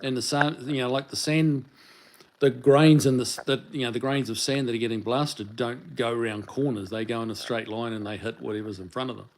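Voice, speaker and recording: Relaxed New Zealand man chatting. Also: mid-range voice, a little fast, a little hiss or hum. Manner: rambling, relaxed, many fillers and restarts. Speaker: livestream host answering chat. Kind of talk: casual livestream chat.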